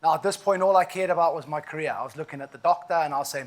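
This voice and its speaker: A man from South Africa speaks with a clear South African accent in a voice that sits a little high for a man. He tells his own story as an inspirational keynote, in an emphatic, storytelling way full of asides. He sounds about forty. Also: very fast, hardly any pauses.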